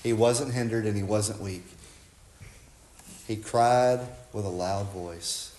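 A man preaching a sermon, impassioned, swinging from loud cries to hushed tones. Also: on the low side, slow, roomy sound.

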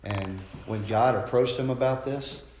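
A man's voice: mid-range voice, unhurried, echoey room, a little hiss or hum. A man preaching a sermon as a pastor, conversational and folksy, often asking "right?" and restarting his words.

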